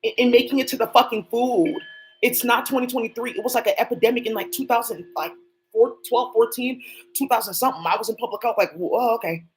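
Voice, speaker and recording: With soft music playing in the background of a low-quality recording, a woman with a fairly high voice hosts her own channel. She rambles rapidly and profanely without a script, talking to people who aren't present.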